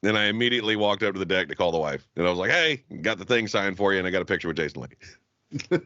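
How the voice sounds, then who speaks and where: A man's voice: deep voice, expressive, quick pace, pushed and bright, no room sound. A man co-hosting a podcast, telling profane, laughing stories in casual chat and acting out what others said. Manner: profane, laughing, acts out quotes. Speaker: podcast co-host. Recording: dull, lo-fi podcast audio.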